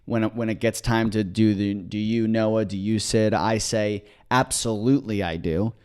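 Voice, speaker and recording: A man co-hosting a podcast, telling a long story in an excited, rambling way, with many restarts. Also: on the low side, moderate pace, smooth. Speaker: podcast co-host. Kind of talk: casual storytelling chat.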